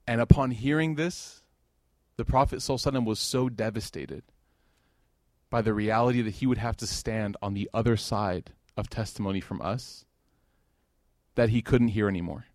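A man's voice: on the low side, brisk, a little mellow, no room sound, clean studio sound. A man giving an informal sermon at a religious gathering, talking conversationally with joking asides and growing emotional over scripture.

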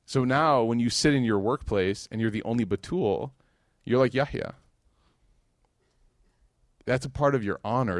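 A man's voice: mid-range voice, dry recording, studio quality. A man from the United States giving a casual religious talk with humor, telling stories animatedly and acting out the dialogue. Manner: animated storyteller who acts out dialogue. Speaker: religious speaker.

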